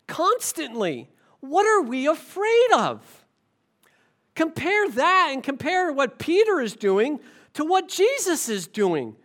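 A man preaching a sermon as pastor, impassioned, swinging from forceful emphasis down to low, quiet stretches. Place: church sanctuary.

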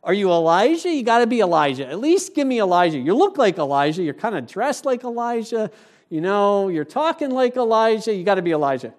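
This is a band of impatient, pleading men pressing for an answer, as a preacher acts them out. They come quick and insistent, with a wheedling push in a fairly high voice. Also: male voice, sing-song. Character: pushy, pleading male temple questioners.

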